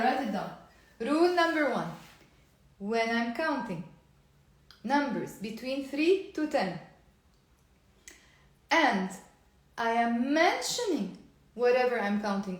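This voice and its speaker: A woman teaching an online language lesson, energetic, drilling words and coaxing viewers to repeat. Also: high voice. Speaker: Arabic teacher. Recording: very echoey room.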